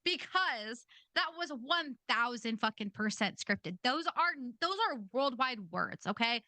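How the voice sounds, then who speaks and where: A woman hosts a podcast, giving blunt and casual commentary peppered with swearing. Her voice is bright and forceful and sits a little high. The sound is dry and close, with no room echo. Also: lively intonation, unhurried. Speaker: podcast host.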